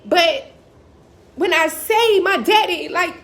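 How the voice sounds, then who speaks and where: A woman's voice: extremely high pitch, animated, takes it slowly, a bit bright. A woman, giving an impassioned, emotional personal monologue as a motivational speaker. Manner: impassioned, talks straight to the audience.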